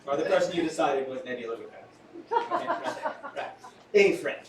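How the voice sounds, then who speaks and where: A man's voice: on the high side, wildly swooping pitch, brisk. Man, stage mentalist, playful theatrical patter, captured from a distance, live room chatter behind. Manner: playful, theatrical, jokey asides to the crowd. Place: small restaurant venue with live audience. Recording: echoey room, far from mic, audience noise.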